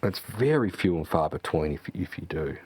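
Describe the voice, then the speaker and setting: A man's voice: low voice, animated, normal speed, a little mellow, slightly rough, no echo. A man, a sim racing streamer, chatting casually and ranting with lots of profanity and fillers. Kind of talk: casual chat.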